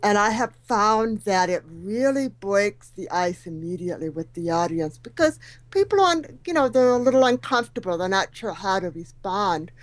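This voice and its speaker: A middle-aged woman guest whose speech is shaped by hearing loss, with high sounds softened or missing, telling her story with self-deprecating humor. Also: lively intonation, normal speed, dry recording, rough recording. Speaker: guest speaker. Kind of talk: talk show interview.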